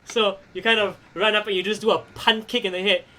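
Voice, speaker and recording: Guy running a wrestling rpg, high bright voice, laughs and swears a lot. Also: brisk. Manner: animated, laughing, casual swearing. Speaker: game master. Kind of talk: narrating a tabletop wrestling game.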